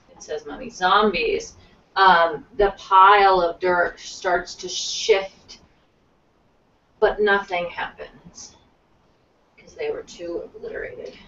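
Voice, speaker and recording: A woman narrating a tabletop game as game master, in a halting, deliberate way. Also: medium pitch, a bit bright, a little hiss or hum. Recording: distant, roomy, dull home recording.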